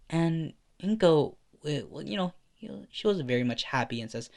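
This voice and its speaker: A man's voice: on the high side, animated, unhurried, creaky, darkish tone. Casting: casual male narrator, rambling and filler-heavy, telling a fan story.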